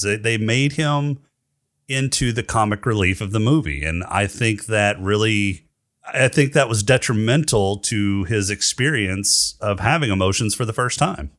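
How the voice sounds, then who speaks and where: A man in casual podcast banter, deliberate and opinionated as he argues his points. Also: lowish voice, a bit bright, no echo, clean studio sound.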